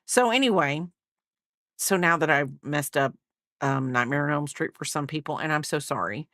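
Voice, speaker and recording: Low-voiced woman rambling chattily. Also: expressive, normal speed, a bit bright, no echo, studio quality. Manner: rambling, chatty, many fillers and asides. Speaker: crochet vlogger. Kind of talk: casual chat while crocheting.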